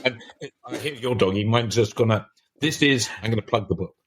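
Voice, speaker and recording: A man's voice: on the low side, fairly quick, fairly bright tone, slight background noise. An older man, a writer guest on a podcast, talking in a reflective, discursive way with many restarts. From England. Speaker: author guest.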